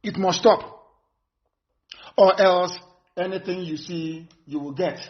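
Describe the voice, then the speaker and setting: A man delivers a live broadcast address, his voice pitched high for a man. He hammers home threats and warnings, repeating phrases for emphasis. The audio is dull and lo-fi. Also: fairly even intonation, slow pace. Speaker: movement leader.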